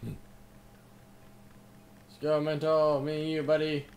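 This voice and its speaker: A man's voice: on the high side, little pitch movement, slow, a little mellow, a little hiss or hum. A young man chatting casually and teasing a friend while they play a game together. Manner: teasing, laughing, swearing. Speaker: gamer. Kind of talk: casual multiplayer gaming chat.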